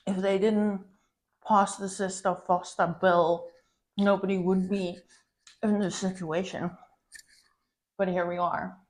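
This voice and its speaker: A woman's voice: medium pitch, level tone, takes it slowly, pauses often, a little mellow. A woman content creator venting in a POV girlfriend role-play, swearing often and calling the listener babe. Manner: profane, ranting, calls the listener babe.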